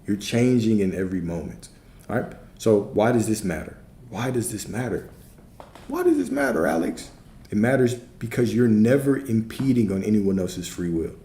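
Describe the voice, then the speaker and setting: With a low, dark voice and a moderate pace, a man teaches on a livestream as a spiritual coach. He answers his chat in an easygoing way, repeats himself often, and checks in frequently with "right?", all captured in a roomy recording with faint background noise.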